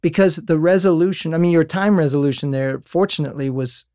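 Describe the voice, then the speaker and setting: A man's voice: fairly high pitch, fairly quick, mellow, no room sound, studio quality. A man hosting a podcast conversation, laughing often and thinking aloud. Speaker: podcast host.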